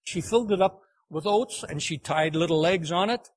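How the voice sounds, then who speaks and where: A man preaching a sermon, telling a folksy farm story in an unhurried, homespun way. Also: high-pitched, a little hiss or hum.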